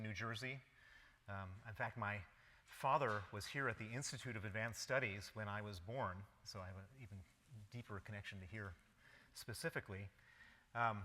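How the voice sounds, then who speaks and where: A guest lecturer in his fifties from the United States speaks with an American accent in a medium-pitched, bright, forceful voice. He tells his story wryly in a public lecture, with many ums, and the lecture hall recording is reverberant.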